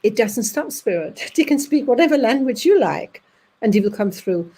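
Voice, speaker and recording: This Danish-accented woman from Denmark has a voice on the high side, heard in a low-quality recording. She's the speaker at an audience evening, spiritedly recounting anecdotes, acting out voices, and pausing to begin again haltingly.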